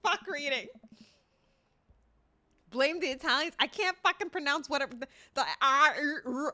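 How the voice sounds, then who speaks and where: Young woman streamer, high bright voice, swears a lot, stumbles over words. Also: a little slow, pauses often. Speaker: livestreamer. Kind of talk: casual live-stream chat, reading game text aloud.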